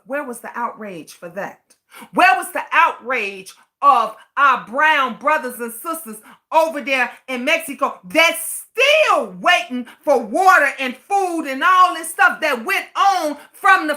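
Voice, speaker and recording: Outraged high-voiced woman ranting. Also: sharp tone. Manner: outraged, profane, repetitive rhetorical questions. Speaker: vlogger. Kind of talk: impassioned rant to camera.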